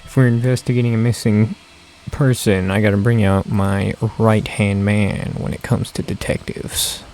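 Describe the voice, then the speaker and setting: A man casually commenting while playing a video game, jokey and relaxed. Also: on the low side, normal speed, slight background noise. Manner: casual, jokey, talks to his pet companion. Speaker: gaming video creator. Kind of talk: casual let's-play commentary.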